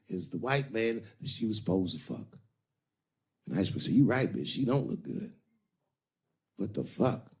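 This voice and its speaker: A man doing stand-up comedy on stage, telling a story and jumping between character voices. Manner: animated, acts out characters with big pitch swings. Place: comedy stage before a live audience.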